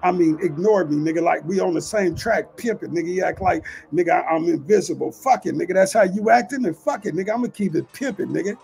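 A man's voice: high-pitched, fast, vocal fry, few pauses, darkish tone, faint music behind. A man hosting his own channel, telling a long street story in a profane, streetwise way and often asking if you follow him. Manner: profane, streetwise, keeps asking "you know what I'm saying". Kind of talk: casual storytelling monologue.

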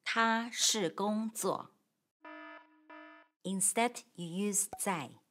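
A woman teaching Mandarin grammar, explaining patiently and clearly with model sentences. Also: medium pitch, drawn-out words, a bit bright, slight background noise. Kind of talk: grammar lesson.

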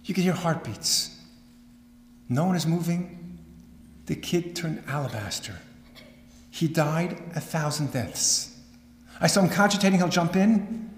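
A middle-aged man lectures like a seasoned storyteller, building suspense and dropping dry jokes. His voice sits somewhat high for a man. The sound carries the roomy, lingering echo of a large hall. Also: a little hiss or hum. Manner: dramatic, animated storyteller with wry asides. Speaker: rabbi and lecturer. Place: synagogue hall. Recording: echoey hall with long reverb.

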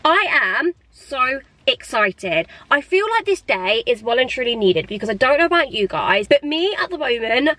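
A young woman talks excitedly to her viewers, her voice sitting fairly high and a touch hoarse. She gushes and fills her sentences with "like" in a casual vlog style. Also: brisk, hardly any pauses, no room sound, low-quality recording. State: slightly hoarse. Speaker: vlogger. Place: in a parked car, then in a shop.

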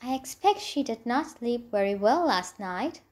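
A woman's voice: a little high, expressive, unhurried, a little mellow. A woman voicing a kind, trusting young princess who speaks in a friendly, polite tone in a storybook reading. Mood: gentle.

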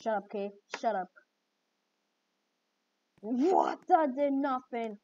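A woman hosting gameplay commentary, excitable and reacting with repeated exclamations. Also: a little high, slow. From Jamaica. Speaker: gaming channel host. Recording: dull lo-fi mic with faint noise.

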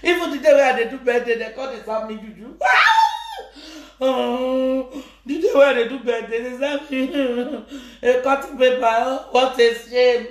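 A woman's voice: high voice, fairly even intonation, unhurried, darkish tone. A woman with a Nigerian Pidgin English accent talking in a live-stream monologue, teasing her viewers, laughing and breaking into chants. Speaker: social media personality. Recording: echoey room.

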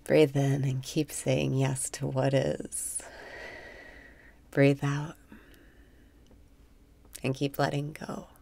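Woman meditation guide: low gravelly voice, unhurried, breathy cues with candid profane asides. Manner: slow, breathy guidance mixing calm cues with frank, profane venting. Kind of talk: guided meditation with spoken affirmations.

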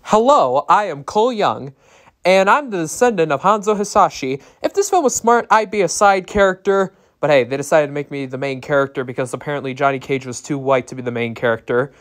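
A reviewer voicing a grumbling young male fighter hero in a flat, complaining way. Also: mid-range voice, a little fast, lightly acted.

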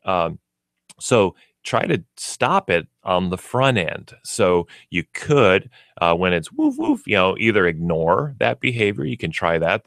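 A man's voice: low-pitched, fairly bright tone, no room sound, studio quality. A man speaking as a pet store expert on a radio talk show, explaining with everyday examples. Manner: explanatory, uses everyday examples and acts out pets. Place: radio studio.

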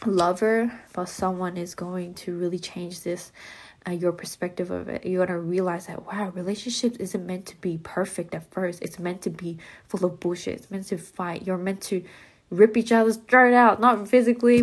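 A woman's voice: medium pitch, a little mellow. Chatty Australian woman reading tarot. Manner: casual, chatty, blunt, swears and jokes. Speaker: tarot reader. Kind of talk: live-streamed collective tarot reading.

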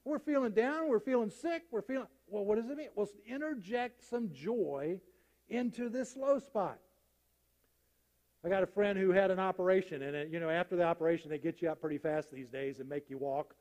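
High-voiced storytelling preacher, reverberant church. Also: male voice, brisk. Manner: animated storyteller acting out jokes. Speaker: pastor. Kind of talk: sermon with humorous stories. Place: church sanctuary.

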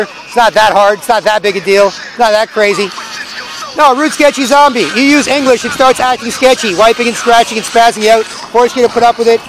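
A man's voice: extremely high pitch, rough recording. A man giving a rambling, profane, preachy monologue outdoors on city streets. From Canada. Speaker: street vlogger. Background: faint traffic.

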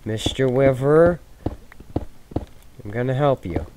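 Excitable man narrating his own gameplay. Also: takes it slowly. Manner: swings between loud excited shouts and low mumbled asides. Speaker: gaming video host. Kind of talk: casual let's-play commentary. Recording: noisy home gaming recording.

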